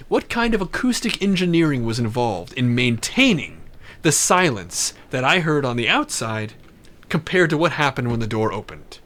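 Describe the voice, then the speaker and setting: A man telling a wild personal story in a casual, animated, profane way, with many restarts. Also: mid-range voice, normal speed.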